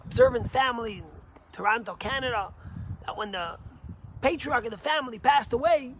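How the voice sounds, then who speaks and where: A man, a rabbi, giving a sermon with animated, emphatic storytelling. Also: extremely high pitch, brisk, a little hiss or hum.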